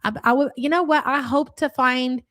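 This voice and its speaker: A woman's voice: high voice, fairly even intonation, normal speed, fairly bright tone, no room sound, clean studio sound. A woman with a Louisville accent hosting a live reaction stream, blunt, sarcastic and profane, reading chat messages aloud. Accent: Louisville Kentucky. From Louisville area, USA.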